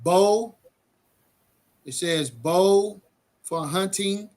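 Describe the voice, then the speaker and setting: A man's voice: high-pitched, drawn-out words, a little mellow. A man co-hosting a livestream bible study, talking casually and animatedly with many fillers.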